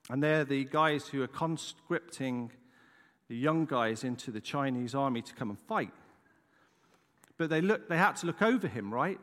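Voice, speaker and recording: A man's voice: mid-range voice, a bit bright, big-room sound. A man preaching a casual sermon, chatty and conversational, tossing in "right?" asides as he tells a story.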